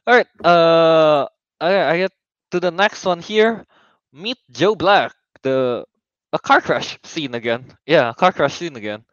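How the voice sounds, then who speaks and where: A man's voice: fairly high pitch, lively intonation, a little slow, fairly bright tone, no room sound. A young man co-hosting a podcast, hesitant and laughing often as he chats. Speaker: podcast co-host. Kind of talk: casual chat. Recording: dry, slightly muffled mic.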